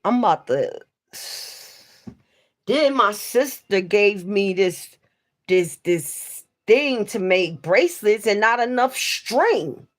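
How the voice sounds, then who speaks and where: A woman's voice: medium pitch, expressive, slow pace. A woman chatting casually with viewers on a livestream, swearing freely and talking straight to them. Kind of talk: casual live stream chat.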